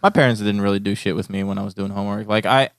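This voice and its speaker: A man's voice: fairly low pitch, fairly even intonation, very fast, clear, resonant tone, no room sound, clean studio sound. A young man co-hosting a podcast, laid-back and joking, often laughing. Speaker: podcast co-host. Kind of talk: casual podcast banter.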